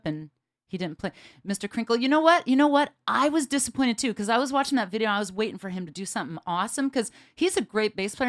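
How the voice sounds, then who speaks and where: A woman bassist hosting a livestream, chatting casually with her viewers, excitable, laughing often and swearing mildly.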